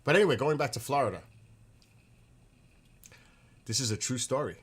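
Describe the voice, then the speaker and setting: A man's voice: medium pitch, moderate pace, husky. Middle-aged man, casual rambling storyteller, salty language, mid-range voice, loose delivery. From northeastern US. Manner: rambling, profane, animated retelling. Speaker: vlogger telling stories.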